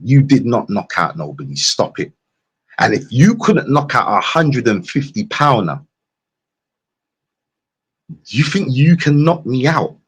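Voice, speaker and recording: A man's voice: mid-range voice, a little slow, pauses often, husky. A man with a London accent ranting on a live stream, mocking and repeating himself. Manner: mocking, repetitive, animated. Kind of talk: casual live-stream rant.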